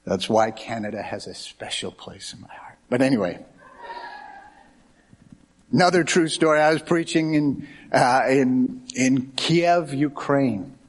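A middle-aged American man preaching as a pastor. He tells anecdotes in an animated way, acting out the quoted dialogue as he goes. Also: mid-range voice, a little slow. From United States. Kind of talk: sermon with storytelling.

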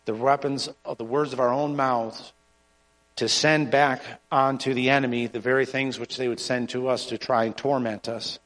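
A man preaching a sermon and reading scripture aloud, in an earnest, halting way with frequent restarts. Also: medium pitch, fairly even intonation, fairly bright tone. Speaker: pastor. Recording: long hall reverb.

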